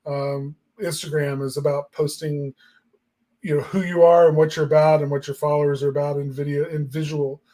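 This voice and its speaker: A man co-hosting a marketing talk show muses in casual chat, his voice on the high side, level and warm at a moderate pace. He's reflective and rambling, using many fillers.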